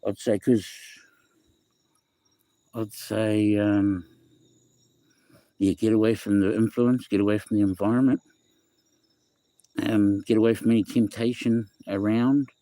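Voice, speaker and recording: A man's voice: on the low side, steady tone, unhurried, long pauses, dark tone, no room sound. A middle-aged man with a New Zealand accent chatting loosely on a phone livestream, reading viewers' comments aloud and repeating himself as he talks. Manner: rambling, repeats himself, reads chat aloud, says bro and eh. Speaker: livestream host. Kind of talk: casual livestream chat with viewers.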